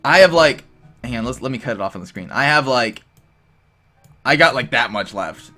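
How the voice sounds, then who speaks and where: A young man tells a story to camera, animated and rambling, with plenty of "like" and "dude". His voice is bright and sharp at an ordinary pitch. Soft music plays faintly behind him. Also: normal speed, long pauses. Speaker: vlogger. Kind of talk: casual storytelling.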